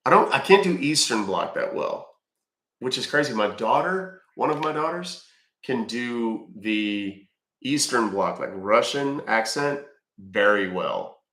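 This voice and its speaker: A man's voice: mid-range voice, big pitch swings, a little slow, fairly bright tone. A middle-aged man with a congested voice, chatting folksily with viewers as a live-stream scambaiting host. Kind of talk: casual live-stream chat. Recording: roomy echo.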